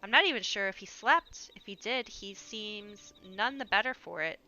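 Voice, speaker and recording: A woman's voice: medium pitch, normal speed, sharp tone, lo-fi sound, faint music behind. A woman reading as an earnest young heroine. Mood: tender, earnest. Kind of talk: reading game dialogue aloud.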